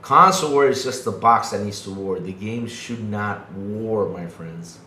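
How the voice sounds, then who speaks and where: A fairly low-pitched man talks a little slowly, his tone pushed and bright. Co-hosting a podcast, he rants emphatically about games in a casual style and keeps repeating himself. Faint background noise and room echo are audible.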